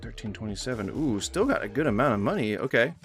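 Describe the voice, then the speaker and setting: A man's voice: mid-range voice, expressive, fast talker, faint music behind. A man giving casual gameplay commentary in a rambling manner, swearing freely and yelping suddenly. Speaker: gaming YouTuber.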